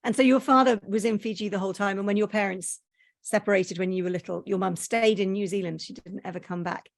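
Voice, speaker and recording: A woman's voice: medium pitch, steady tone, fast talker, gravelly, dry recording. Laughing woman interviewer. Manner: warm praise, laughs often. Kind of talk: conversational interview.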